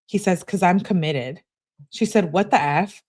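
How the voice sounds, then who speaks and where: Young woman, livestream host, lower pitch, casual commentary voice, reads texts aloud with chatty asides. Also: measured pace, a little mellow, husky. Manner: reads messages aloud, interjects reactions to chat. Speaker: livestream host reading text messages.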